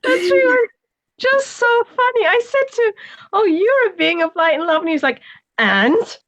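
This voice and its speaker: A woman's voice: very high voice, normal speed, slight background noise. A woman guest telling a story in a casual spiritual chat, giggly and emotional.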